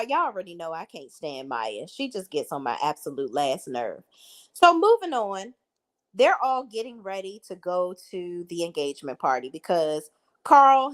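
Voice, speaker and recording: Woman vlogger, sassy recap, very lively pitch, blunt takes. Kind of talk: reality TV recap commentary.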